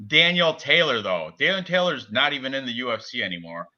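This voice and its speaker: A man's voice: mid-range voice, animated, fast talker, bright, forceful tone. A man co-hosting a casual live sports betting chat, rambling through fighter records and stumbling over names. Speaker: betting podcast co-host. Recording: dull lo-fi stream audio.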